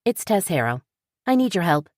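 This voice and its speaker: A woman narrator voicing a wisecracking young woman bookstore owner, eager, pleading and quick to joke. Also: fairly low pitch, very animated, no room sound, clean studio sound, voice pushed up. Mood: urgent.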